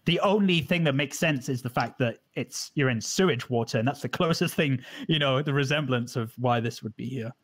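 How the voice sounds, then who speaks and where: Guy dm-ing a tabletop game, mid pitch, kinda rambly, restarts a lot. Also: a little fast, few pauses. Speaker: dungeon master. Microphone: home mic on a live stream.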